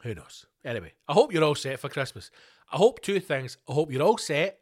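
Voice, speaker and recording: A man's voice: on the high side, a little fast. Sweary Scottish man ranting solo. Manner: sweary, ranting, animated storytelling. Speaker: podcast host. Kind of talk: casual solo rant.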